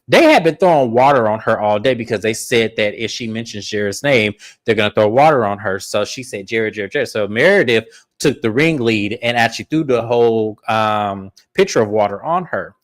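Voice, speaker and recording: A man hosting a casual reality-TV recap, telling the story in an animated, profane way. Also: on the low side, normal speed. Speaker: podcast host.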